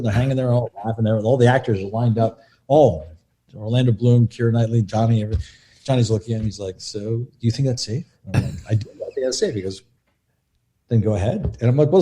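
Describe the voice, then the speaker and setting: A middle-aged man rattles through behind-the-scenes stories at a quick clip, his voice dark and mellow. He slips into the voices of the people he quotes as he tells each story. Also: mid-range voice. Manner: animated, acts out quotes of others. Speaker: film assistant director, guest. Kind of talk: anecdotal interview storytelling.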